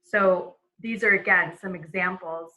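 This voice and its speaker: A woman giving a relaxed webinar lesson on a video call, talking casually with many fillers and restarts. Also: lowish voice, measured pace, poor audio. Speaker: presenter.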